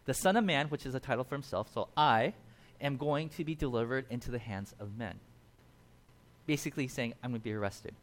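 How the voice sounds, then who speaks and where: A man preaching a casual sermon, retelling a Bible passage with lively acted-out quotes and asides. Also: mid-range voice, brisk. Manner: animated storytelling, acts out quotes. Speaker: pastor.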